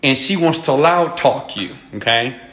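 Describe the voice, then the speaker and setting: A man's voice: mid-range voice, expressive, a little slow, fairly bright tone. Blunt, profane man lecturing viewers. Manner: blunt, profane, emphatic, repeats "okay?". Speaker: entrepreneur and mentor. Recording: echoey room.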